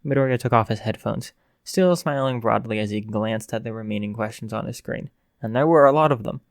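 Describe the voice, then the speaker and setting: Man calmly reading a fan story. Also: lowish voice, a little fast, no room sound, clean studio sound. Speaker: narrator. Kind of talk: fan fiction read aloud.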